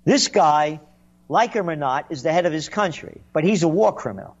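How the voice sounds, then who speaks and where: Sarcastic, indignant man with lively pitch. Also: normal speed, dull audio. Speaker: commentator. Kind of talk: sarcastic political monologue.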